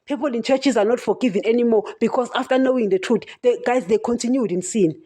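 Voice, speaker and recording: Woman preacher, podcast sermon, fervent and emphatic, fairly high voice, warm mellow tone. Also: fast talker, breathy edge. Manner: impassioned, emphatic, keeps addressing listeners as "guys".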